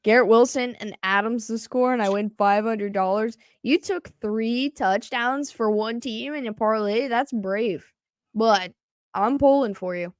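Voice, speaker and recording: A woman co-hosting a live game reaction stream, calling plays with excitement and laughing often. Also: fairly high pitch, measured pace, smooth, no echo. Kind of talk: live play-by-play and casual reaction.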